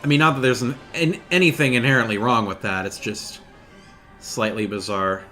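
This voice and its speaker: A man's voice: medium pitch, fairly even intonation, moderate pace, pushed and bright, soft background music. A man giving casual let's play commentary, musing aloud with fillers and self-corrections. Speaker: gameplay commentator.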